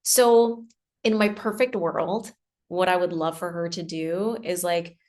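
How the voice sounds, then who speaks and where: Young woman, emotional interview guest, halting, sighs between phrases. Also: medium pitch, a little mellow.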